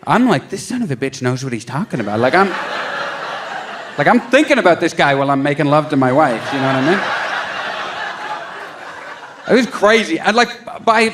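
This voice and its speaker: A stand-up comedian telling a story on stage, acting out his own quotes with lively shifts in voice. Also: on the high side. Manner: animated storytelling with acted-out quotes. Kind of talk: stand-up routine. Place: comedy club stage with a laughing audience.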